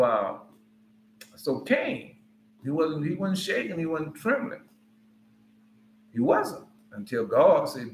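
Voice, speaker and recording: A man's voice: on the high side, a bit bright, slight background noise. A man giving an informal Bible teaching in a conversational, rambling way with frequent asides. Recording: roomy echo.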